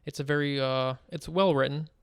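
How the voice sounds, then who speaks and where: A man's voice: fairly high pitch, fairly even intonation, normal speed, clean tone, no room sound, studio quality. A man co-hosting a casual gaming podcast, telling stories animatedly and laughing as he goes. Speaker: podcast co-host. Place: home.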